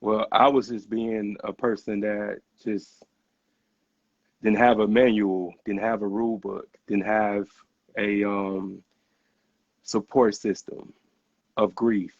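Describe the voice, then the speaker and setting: Earnest halting man with gravelly voice. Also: fairly low pitch, level tone, no echo. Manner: earnest, halting, repeats words as he starts. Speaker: podcast host. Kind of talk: casual conversation. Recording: dull, muffled podcast audio.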